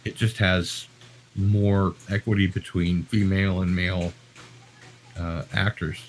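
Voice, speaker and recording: Deep-voiced American man, rambling chat. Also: level tone, measured pace, slight background noise, low-quality recording. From United States. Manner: rambling, chatty, self-deprecating. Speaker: live streamer. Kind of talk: casual live-stream chat.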